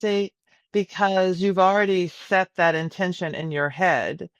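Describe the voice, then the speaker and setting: Brief: woman, 60s, from Tennessee, chatty guest on a remote call, lively storyteller, dry sound. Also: fairly low pitch, unhurried, no room sound, muffled recording. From Nashville, Tennessee. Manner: lively, chatty storyteller who laughs often. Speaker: chef guest. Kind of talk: casual interview chat. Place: her home.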